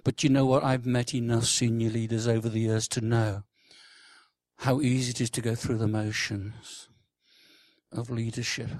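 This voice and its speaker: A man in his sixties preaching a sermon, swinging from loud, emphatic declarations to hushed, almost whispered lines. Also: mid-range voice, dry recording. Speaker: worship leader. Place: church conference hall.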